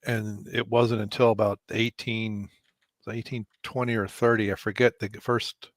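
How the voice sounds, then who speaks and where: A man as a guest on a casual political chat, agreeable, piecing together history haltingly. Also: on the low side, little pitch movement, no room sound.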